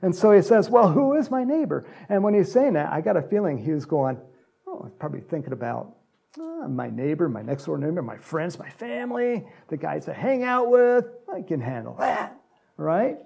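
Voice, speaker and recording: A man's voice: fairly high pitch, sing-song, normal speed, gravelly, warm tone, husky. A man preaching a conversational sermon as a pastor, acting out Bible characters in little voices.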